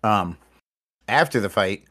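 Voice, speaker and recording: A man in casual podcast chat, telling stories in an animated, profane way. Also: lowish voice, slow pace.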